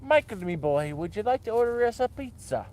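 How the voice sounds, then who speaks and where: A man's voice: high-pitched, very animated, fairly quick, darkish tone, pitched above the performer's own voice, poor audio. A man putting on a jovial old Irish grandpa.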